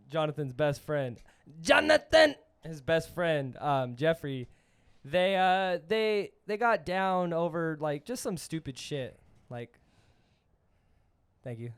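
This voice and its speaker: A man's voice: a little high, fairly bright tone, clean tone. A young man hosting a podcast, rambling through a story with lots of fillers and swearing. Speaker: podcast host. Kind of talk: casual chat.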